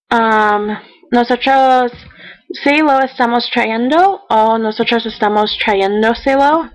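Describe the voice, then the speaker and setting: A woman teacher giving a recorded grammar lesson in a methodical way, counting out each step and reading example sentences slowly. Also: fairly high pitch, rough recording. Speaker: Spanish teacher.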